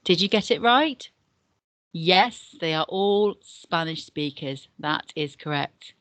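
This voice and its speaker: Low-voiced woman teaching a patient beginner lesson. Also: animated, slow pace, fairly bright tone, no echo. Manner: patient, step-by-step teacher explaining and repeating. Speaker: deputy head and Spanish teacher. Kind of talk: recorded classroom lesson for beginners.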